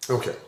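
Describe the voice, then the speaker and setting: A man giving a rambling, casual spiritual talk to camera, chuckling often between phrases. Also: a little mellow. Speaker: vlogger. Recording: roomy echo.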